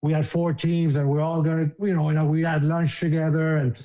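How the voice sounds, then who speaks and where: A man's voice: on the high side, flat delivery, brisk, warm tone. Laughing man with a French accent. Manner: emotional, laughs often, acts out others' lines. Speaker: guest, former hockey player. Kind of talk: casual storytelling.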